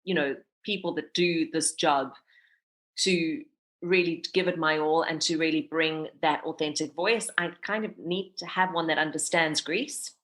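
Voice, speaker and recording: A woman's voice: sits low, unhurried, fairly bright tone. A South African woman in her thirties, a radio presenter, chatting candidly as a podcast guest and laughing often. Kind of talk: casual interview chat.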